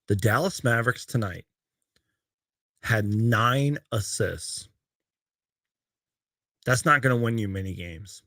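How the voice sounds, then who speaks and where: Guy with a gravelly kinda low voice rambling thru stats on his live chat, dry close sound. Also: slow pace, pauses often, sharp tone, dry recording. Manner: reads out game stats and viewer comments, loose and rambling. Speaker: sports fan livestream host. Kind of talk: casual live-stream chat.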